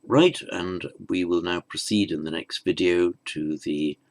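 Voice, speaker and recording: A man teaching a recorded grammar lesson in a measured, explanatory way, often restarting his phrases. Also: low voice. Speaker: language teacher.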